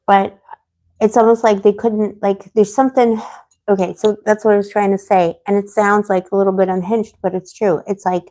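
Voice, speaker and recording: A woman's voice: mid-range voice, level tone, normal speed, mellow. A woman hosting a tarot live stream, chatting casually with viewers, rambling and getting heated as she vents. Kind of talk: casual livestream chat answering viewers.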